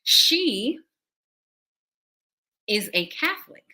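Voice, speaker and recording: A woman preacher telling her testimony to a livestream audience, animated and acting out the conversations as she goes. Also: a little high, extremely slow. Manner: animated storytelling that acts out dialogue and addresses listeners as y'all. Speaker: prophet and preacher.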